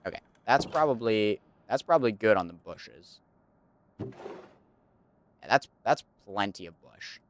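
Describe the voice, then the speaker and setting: A man's voice: fairly low pitch, animated, measured pace, long pauses, slight background noise. A young man streaming casually, rambling and thinking aloud with lots of fillers while he plays a building game.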